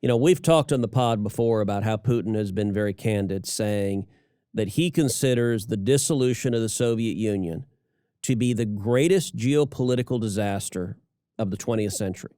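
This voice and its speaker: Middle-aged male co-host, forceful political commentary with stuttered restarts, close dry mic. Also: fairly low pitch, moderate pace, clean tone, dry recording. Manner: emphatic, repeats words when starting sentences. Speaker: senator and podcast co-host.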